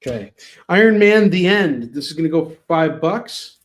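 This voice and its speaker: A man hosting a live shopping stream, chatting casually with viewers by name and pitching items between self-mocking jokes. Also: expressive, normal speed.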